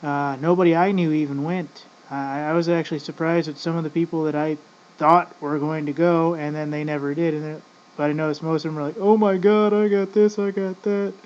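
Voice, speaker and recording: A man's voice: fairly high pitch, flat delivery, fairly quick. A man in casual ranting commentary, rambling and profane, often addressing "folks". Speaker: vlogger. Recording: dull lo-fi audio with faint noise.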